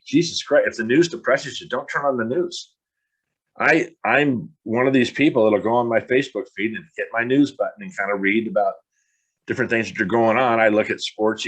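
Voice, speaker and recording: A middle-aged man hosting a podcast, talking bluntly in a frustrated monologue and swearing casually. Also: on the low side. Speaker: podcast host.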